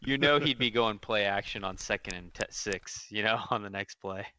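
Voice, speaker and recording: A man's voice: on the low side, normal speed, sharp tone. A man co-hosting a casual sports rewatch, wry and jokey, given to mock quotes. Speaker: podcast co-host.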